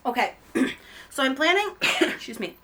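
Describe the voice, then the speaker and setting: A woman's voice: sits high, sing-song, measured pace, sharp tone. Chatty woman rambling while she knits. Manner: rambling, chatty, frequent ums and self-corrections. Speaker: podcast host. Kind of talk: casual chat while knitting. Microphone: camera mic.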